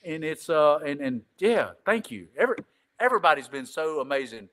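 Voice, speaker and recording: A man's voice: fairly high pitch, big pitch swings, fairly quick, a bit bright. A man telling a long casual story as a podcast guest, rambling and repeating "I said," swearing casually. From Greenville.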